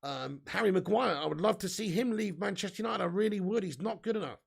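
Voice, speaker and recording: A man's voice: high voice, fast talker, creaky, husky. A young man hosting a live fan news stream, chatty and reading out viewer comments. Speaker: fan channel host.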